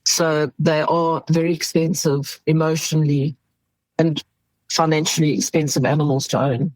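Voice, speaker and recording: Middle-aged South African woman, ER doctor guest; husky, candid, animated storyteller, dry close sound. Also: low voice, normal speed, no echo, poor audio. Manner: animated, laughs while telling stories.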